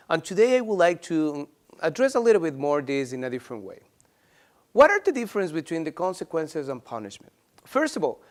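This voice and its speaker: A man teaching a parenting class, explaining ideas and acting out little dialogues between a parent and a child. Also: a little high. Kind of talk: explanatory talk to camera.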